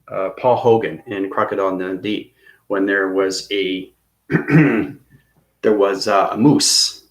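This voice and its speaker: Rambling low-voiced man in echoey room. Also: fairly bright tone. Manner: rambling, repetitive, checks in with "okay?" and "right?". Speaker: spiritual teacher. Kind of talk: casual instructional monologue.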